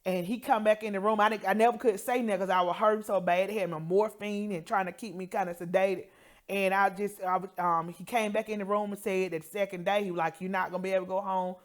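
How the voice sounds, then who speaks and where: Here a woman's mid-range voice moves at a quick pace through an emotional testimony of healing. She's the co-host, and she brings the people she quotes to life with spirited impressions.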